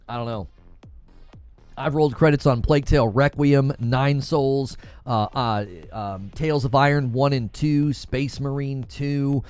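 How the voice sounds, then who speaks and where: A man hosting a casual gaming news live stream, talking straight to his chat in an animated way. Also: medium pitch.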